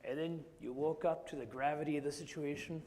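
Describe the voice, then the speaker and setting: A man reading a picture book aloud to children at a congregation service, playful and unhurried. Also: a little high, steady tone, darkish tone, long reverb tail, a little hiss or hum. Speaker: children's story reader. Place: congregation sanctuary.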